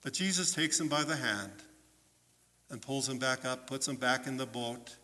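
A man preaching as a pastor in a church, telling a story in an animated way and putting questions to his listeners. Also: medium pitch, normal speed. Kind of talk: children's sermon storytelling. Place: church sanctuary. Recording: long church reverb.

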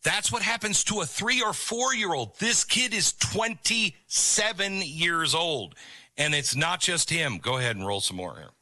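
A man's voice: fairly high pitch, animated, unhurried, sharp tone, dry recording. A middle-aged man hosting an opinion commentary show, talking in an emphatic, preachy way about a video clip. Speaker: commentary host.

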